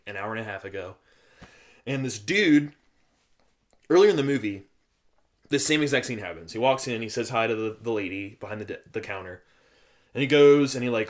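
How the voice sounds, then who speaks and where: A young man talking through a film review on his own, in a loose, rambling way full of fillers and acted-out quotes. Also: on the low side. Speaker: movie reviewer. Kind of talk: casual spoiler review monologue.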